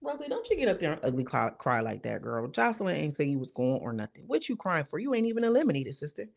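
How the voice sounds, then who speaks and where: Gravelly low-voiced woman recapping TV. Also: fast. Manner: animated, slangy, acts out quotes. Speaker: reality TV reviewer. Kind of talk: casual recap commentary.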